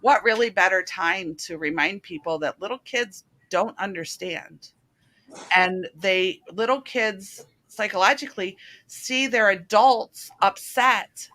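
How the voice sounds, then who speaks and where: A middle-aged woman hosting a casual spiritual talk show, speaking in an earnest, animated, chatty way. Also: medium pitch, measured pace.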